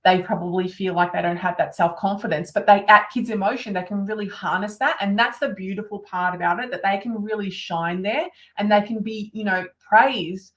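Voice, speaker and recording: A woman hosts a podcast conversation in a casual, friendly way. She speaks with warm enthusiasm and fills her sentences with ums and you-knows. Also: mid-range voice, fairly quick, few pauses, poor audio. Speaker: podcast host. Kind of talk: casual interview talk.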